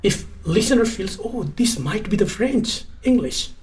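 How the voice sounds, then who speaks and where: A man's voice: sits high, lively intonation, a little slow. A man from Nepal with a Nepali accent, a guest English test teacher explaining emphatically, repeating his points and spelling words out letter by letter. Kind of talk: explanatory interview talk.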